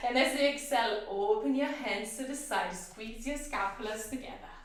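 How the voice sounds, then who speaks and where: A woman teaching a yoga class, calmly cueing each breath and pose in an encouraging way. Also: fairly high pitch, echoey room. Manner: calm breath-paced cueing, slow and encouraging. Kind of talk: guided yoga class instruction. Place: home room.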